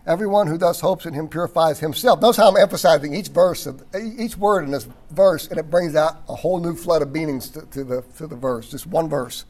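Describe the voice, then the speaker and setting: Guy leading bible study, kinda high voice, keeps clearing his throat, leans hard on words. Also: darkish tone. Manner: often clears his throat, restarts phrases, reads quotes aloud; emphatic on key words, occasional chuckle. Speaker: Bible teacher.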